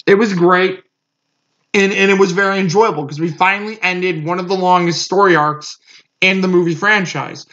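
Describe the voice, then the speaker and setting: A man's voice: sits high, fairly even intonation, normal speed, bright, forceful tone. A man giving a casual movie review, rambling with lots of fillers and restarts. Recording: muffled lo-fi recording.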